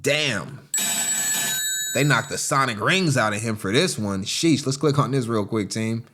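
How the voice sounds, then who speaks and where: A man, a gaming vlogger, chatting casually to viewers as "team" while walking through listings on screen, with excitable bursts. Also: medium pitch, a little fast. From United States. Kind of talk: casual screen-recording commentary.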